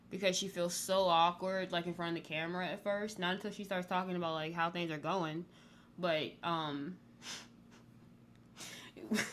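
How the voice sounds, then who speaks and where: A woman's voice: lowish voice, fairly bright tone. A woman casually recapping a reality TV show, rambling and blunt, with lots of "like" in her speech. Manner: candid, blunt.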